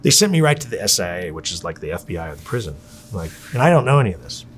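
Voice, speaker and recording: A man's voice: on the low side, sing-song, racing, a little hiss or hum. A man, telling candid, profane stories and acting out the people he quotes. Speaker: interviewee. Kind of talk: candid storytelling.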